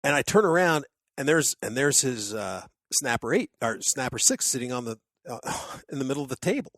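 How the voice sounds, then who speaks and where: A man co-hosting a podcast, telling a story in casual chat and acting out what people said. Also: fairly quick. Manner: animated, acts out quotes with big pitch jumps. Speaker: podcast co-host.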